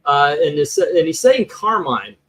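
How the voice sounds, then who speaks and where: A man's voice: on the high side, big pitch swings, unhurried, fairly bright tone, slightly rough, poor audio. Man hosting a chatty livestream. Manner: reads viewer comments and scores aloud, many fillers. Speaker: host. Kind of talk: casual livestream chat.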